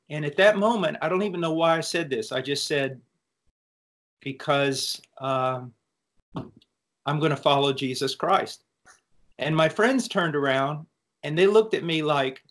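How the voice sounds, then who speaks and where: A man's voice: on the high side, measured pace, a bit bright. An American preacher answering student questions, telling his own testimony in a reflective, earnest way. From United States. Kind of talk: personal testimony in a Q&A.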